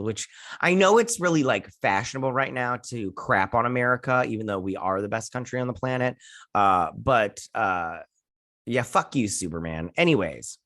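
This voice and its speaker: A man hosting a casual episode recap, rambling along and acting out characters' lines in quick quoted bits, swearing now and then. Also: on the low side, a bit bright, no room sound, clean studio sound. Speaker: host.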